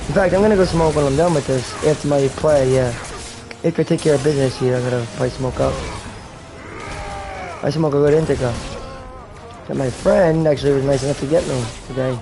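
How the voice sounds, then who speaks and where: A man's voice: medium pitch, a little fast, long pauses, background noise. A man streaming a video game, joking and swearing as he plays, and acting out silly comic skits. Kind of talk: joking gameplay commentary.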